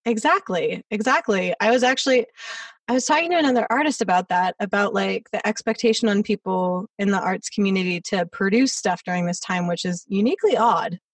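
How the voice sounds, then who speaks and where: A woman's voice: mid-range voice, a little fast, no echo, distant mic. A woman hosting an interview podcast, chatting casually and laughing often. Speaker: podcast host. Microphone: remote recording.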